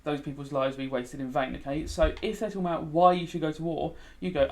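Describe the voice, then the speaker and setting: A man gives a relaxed revision lesson as he plays a game, sounding a little tired and yawning at times. His voice sits a touch high, and he keeps checking in with "okay?" while keys clack behind him. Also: quick pace, few pauses. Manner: chatty, frequent "okay?" check-ins, talks while typing. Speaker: teacher.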